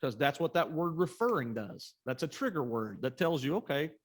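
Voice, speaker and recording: A man co-leading a quiz coaching clinic, calmly explaining tactics and adding to his co-host's points. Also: a little high, normal speed. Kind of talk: coaching workshop talk.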